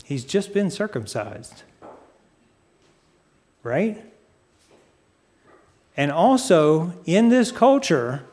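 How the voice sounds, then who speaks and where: A man preaching a sermon, speaking deliberately and putting questions to his listeners. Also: fairly high pitch, very animated, a little mellow. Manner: asks the audience questions; unhurried, deliberate. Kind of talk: sermon teaching.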